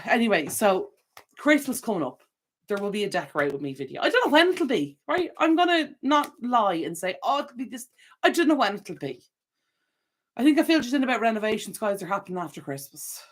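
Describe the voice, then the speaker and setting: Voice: mid-range voice, very animated, fairly quick. Young adult stream host, casual and chatty, laughs a lot, corrects themself mid-sentence, mid-range voice. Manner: chatty and rambling, frequent laughter and self-corrections. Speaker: channel host. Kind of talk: casual livestream chat, reading viewer comments.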